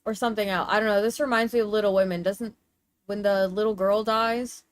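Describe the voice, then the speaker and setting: A woman's voice: medium pitch, fairly even intonation, brisk, no echo. A woman streamer chatting casually while showing pictures, gushing and cooing in baby talk, with casual swearing.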